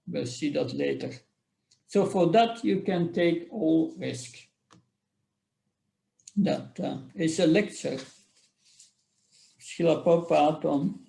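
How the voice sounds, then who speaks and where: A man reading scripture verses aloud and explaining them in a class, halting often and restarting his sentences. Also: fairly high pitch, gravelly, a little mellow, reverberant. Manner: slow, halting, with restarts and fillers.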